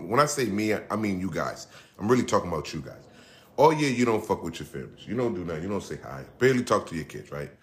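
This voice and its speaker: A middle-aged man hosting his own podcast, talking in a loose, rambling, profane way, restarting his sentences and going off on asides. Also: low voice. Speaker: podcast host. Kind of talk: casual solo monologue.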